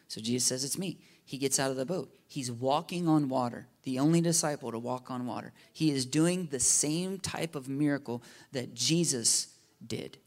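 A man preaching a sermon in a casual, animated way, often checking in with his listeners with "right?" and "you know?". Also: medium pitch. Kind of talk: conversational sermon.

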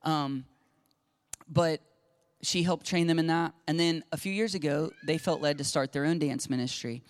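A middle-aged man preaching a sermon, telling a story with lively acted-out dialogue. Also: fairly high pitch, moderate pace. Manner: animated storytelling, acting out dialogue. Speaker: pastor. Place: church sanctuary.

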